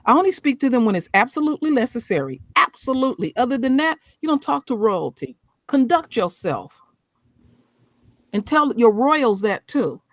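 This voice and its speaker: A woman's voice: a little high, sing-song, normal speed, no echo. A woman hosting a casual chat, talking bluntly and emphatically with plenty of swearing.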